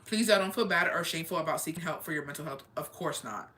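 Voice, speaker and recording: A woman's voice: sits low, fast, sharp tone. A young woman hosting a casual chat where she answers viewer comments. She talks candidly, repeats phrases for emphasis, swears freely and slips Spanish phrases into her English. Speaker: livestream host.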